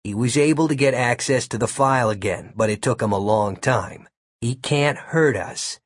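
A man voicing Gary, a laid-back, wisecracking young man, in a low, hushed and husky voice while reading a story aloud. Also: moderate pace, no echo, clean studio sound, natural voice. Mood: reassuring.

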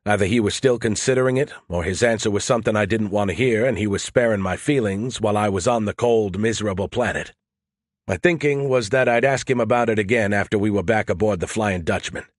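A man narrating a first-person audiobook with a lowish voice. He reads in a steady, matter-of-fact way. The sound is close and dry, with no room around it. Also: no echo.

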